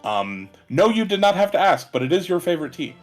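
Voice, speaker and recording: A man narrating as game master, halting, with many ums and restarts. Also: high voice, very animated, faint music behind.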